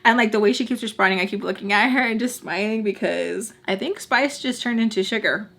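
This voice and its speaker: A woman's voice: mid-range voice, fairly quick, vocal fry, fairly bright tone. A woman chatting casually through a storytime vlog, rambling with lots of "like", swearing freely, and putting on voices for the people she quotes. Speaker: storytime vlogger.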